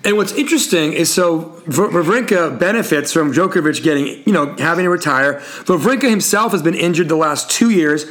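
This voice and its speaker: A man's voice: on the high side, animated, a little fast, hardly any pauses, fairly bright tone. Wry storytelling male sports host. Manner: storytelling, wry, full of wrestling references. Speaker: podcast host. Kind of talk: casual sports chat.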